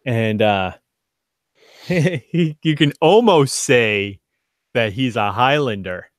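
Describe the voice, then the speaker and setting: A man's voice: medium pitch, animated, takes it slowly, no room sound, studio quality. Rambling man running a tabletop game. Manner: rambling, self-mocking, laughs often. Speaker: game master. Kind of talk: casual game narration with banter.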